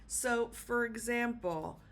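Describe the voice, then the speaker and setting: Female teacher, unhurried classroom delivery, patient with lots of "okay?", faint background hiss. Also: fairly high pitch, a bit bright. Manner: patient, many fillers and check-ins like okay. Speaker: Spanish teacher. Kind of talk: classroom lesson at a board.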